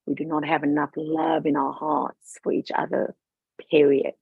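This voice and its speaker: Gravelly, outspoken woman guest. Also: low voice, flat delivery, moderate pace, no room sound. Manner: emphatic, forthright and outspoken. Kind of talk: passionate personal talk. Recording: dull lo-fi recording.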